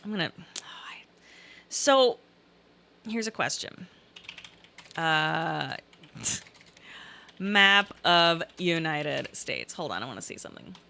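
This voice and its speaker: A middle-aged woman with a faint Southern Illinois twang chats casually on a live stream, reading comments aloud. Her voice is bright and forceful, and she rambles, repeats herself and throws in pleading asides. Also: sits low, expressive, takes it slowly, creaky, long pauses.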